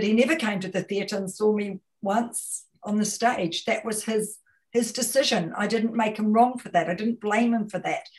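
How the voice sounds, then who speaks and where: A woman with a New Zealand accent giving a webinar talk as a communication consultant, emphatic and fond of rhetorical questions and repeated phrases. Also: medium pitch. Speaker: guest speaker, communication consultant.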